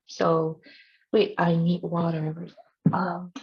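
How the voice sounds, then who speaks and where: Slow-talking woman teaching trading, teasing. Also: fairly low pitch, flat delivery, husky, highs cut off. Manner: playful and teasing, laughing often; non-native English with simple grammar. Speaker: trading instructor. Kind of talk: casual online trading lesson.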